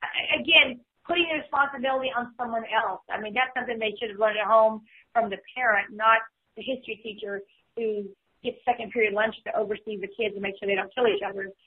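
A woman's voice: on the high side, fairly even intonation, fast, husky. Chatty woman on a tinny phone line. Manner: chatty, frequent "you know" fillers. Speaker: podcast guest speaker. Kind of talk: casual podcast talk.

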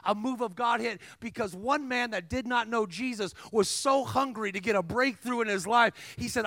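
A man preaching a sermon as a guest speaker, telling stories energetically with humor, asides to the crowd and emphatic shouts. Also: very high-pitched, normal speed, creaky, few pauses, no echo. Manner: energetic storytelling with humor and call-and-response asides; emphatic, rising to shouts at climaxes.

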